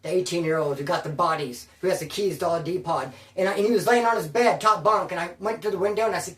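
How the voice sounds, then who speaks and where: A man's voice: sits high, fast talker, hardly any pauses. Man, street-slang storytelling, emphatic, echoey room, distant mic. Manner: street slang, emphatic, addresses listener as bro. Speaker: former prisoner telling his story. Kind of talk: casual first-person storytelling. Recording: roomy sound, away from the mic.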